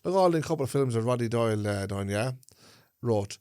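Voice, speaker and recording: A man's voice: medium pitch, animated, fairly quick, darkish tone, smooth, no echo, clean studio sound. A man with an Irish Traveller accent, co-hosting a podcast in casual chat, rambling and often checking he's understood. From Ireland. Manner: rambling, checks in with "do you get what I'm saying". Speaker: podcast co-host.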